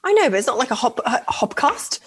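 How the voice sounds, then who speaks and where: A woman's voice: fairly high pitch, very animated, quick pace, slightly rough. A woman co-hosting a radio dating show, chatting casually, laughing often and swearing freely. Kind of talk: casual chat.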